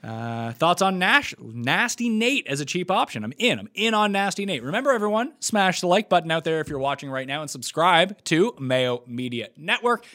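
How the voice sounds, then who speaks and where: A man from Nova Scotia hosts a casual live-stream chat, his voice sitting fairly high and swinging widely in pitch. He talks bluntly and jokes around, rambling from one point to the next. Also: sing-song, moderate pace, hardly any pauses, sharp tone. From Nova Scotia, Canada. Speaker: host.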